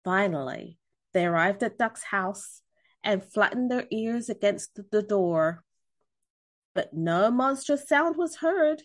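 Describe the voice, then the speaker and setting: A woman reading a picture book aloud to children, gentle and expressive. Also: medium pitch, slow pace. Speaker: storyteller.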